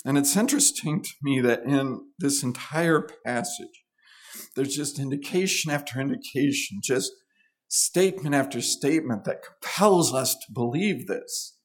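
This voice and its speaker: A man's voice: medium pitch, expressive, moderate pace. A man preaching a sermon, explaining scripture in an earnest, emphatic teaching manner with rising stresses on key words.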